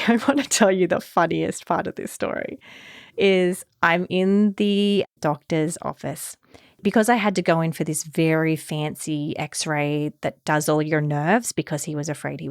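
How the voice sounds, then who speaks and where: A woman hosts her own podcast, telling a personal story with candid feeling. Her voice sits a little low, and the recording is close and dry, with no room sound. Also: creaky, no echo. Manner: candid and emotional, often laughing. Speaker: podcast host.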